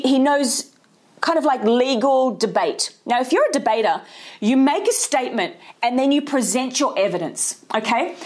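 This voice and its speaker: Energetic woman preaching a sermon. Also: a little high. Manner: energetic and conversational, with rhetorical questions. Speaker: pastor.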